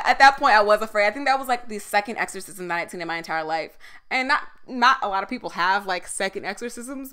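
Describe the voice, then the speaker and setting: A young woman co-hosting a podcast, telling a story in a casual, animated way, laughing often and swearing freely. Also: mid-range voice, a little fast, a little hiss or hum. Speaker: podcast co-host.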